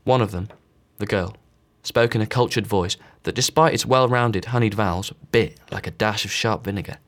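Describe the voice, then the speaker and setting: A man reads a novel aloud in a low, steady voice. He gives each character only a slight change of voice. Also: normal speed. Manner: reads all characters with small voice shifts. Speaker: audiobook narrator. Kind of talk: scripted narration.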